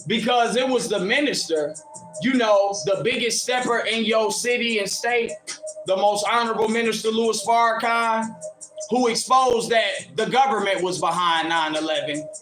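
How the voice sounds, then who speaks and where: This Ohio livestream host has a high voice and keeps a moderate pace as he replies to commenters, laughing at his critic while mocking and taunting him in a combative rant. Music plays in the background of an echoey room.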